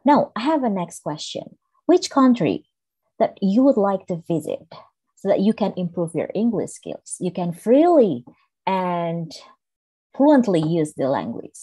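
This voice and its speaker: A woman's voice: medium pitch, very animated, a little slow, dark tone, breathy edge. A woman teacher asks her English class a question in an encouraging way.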